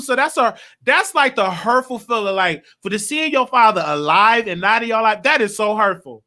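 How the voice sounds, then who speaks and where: A young man in his late twenties hosts a casual gossip show with a high, sharp, bright voice. He rambles and gets openly emotional, going on and on in an unpolished, heartfelt way. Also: lively intonation, moderate pace, hardly any pauses. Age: late 20s. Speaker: show host.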